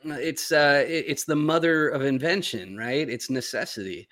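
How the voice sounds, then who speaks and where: A man's voice: a little high, moderate pace, fairly bright tone. A man talking casually as a podcast guest, rambling with many fillers and restarts. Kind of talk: casual chat.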